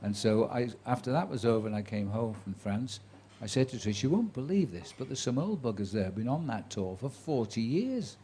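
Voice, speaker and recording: A man in his seventies with a dark, mid-range voice tells stories from his sports commentary career to a live audience. His delivery is sing-song and moderately paced with few pauses, and he performs the quotes he relays with a dry, chatty wit.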